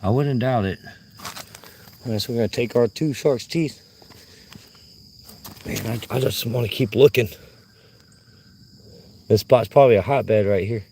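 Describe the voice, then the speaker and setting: A man chatting to his viewers on a live vlog while walking a trail, his voice hoarse from yelling. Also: mid-range voice, measured pace, long pauses, slight background noise. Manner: chatty, talks to himself and viewers. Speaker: vlogger. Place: outdoor nature trail.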